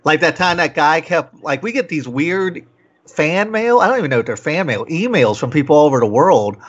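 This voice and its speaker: A man's voice: fairly high pitch, sing-song, normal speed. A man hosting a podcast in casual chat, making wry jokes, on a dull, lo-fi recording. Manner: joking, wry. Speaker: podcast host. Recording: dull lo-fi sound.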